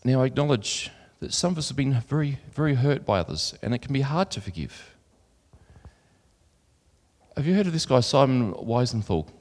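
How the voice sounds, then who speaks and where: With a medium-pitched, expressive and slightly mellow voice at normal speed, a man preaches, reading scripture earnestly. His conversational asides carry fillers, and a long hall reverb hangs over the recording.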